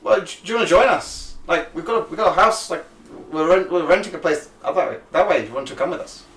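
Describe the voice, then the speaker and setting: A man's voice: on the high side, fast, a bit bright, roomy sound, voice pushed up. A man voicing a chatty, nosy townswoman who rambles eagerly with lots of fillers. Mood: friendly, nosy.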